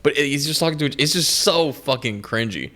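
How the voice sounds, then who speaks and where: A man's voice: fairly high pitch, expressive, fairly quick, bright, forceful tone. Twenty-something guy rambling on a podcast, lots of swearing and laughing. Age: 20s. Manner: rambling, profane, laughs often. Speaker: podcast co-host. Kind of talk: casual chat.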